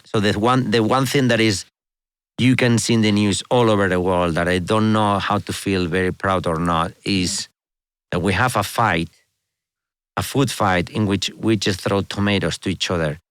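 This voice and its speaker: Spanish-accented man telling animated stories. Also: lowish voice, normal speed, clean tone, no room sound. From Spain. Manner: animated storyteller, laughs often, many restarts. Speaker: guest, orchestra conductor. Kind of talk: casual interview chat.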